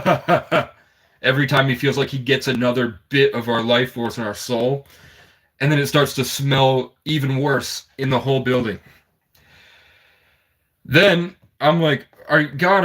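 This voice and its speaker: A man's voice: medium pitch, a bit bright. A man telling a personal story in an intense, rambling, conspiratorial monologue.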